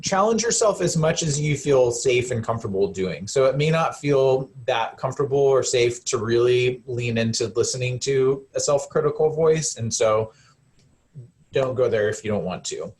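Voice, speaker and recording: Gentle, conversational male counselor. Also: mid-range voice, animated, moderate pace. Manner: gentle, conversational, many fillers and restarts. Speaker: counselor presenting a webinar. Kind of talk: live webinar presentation.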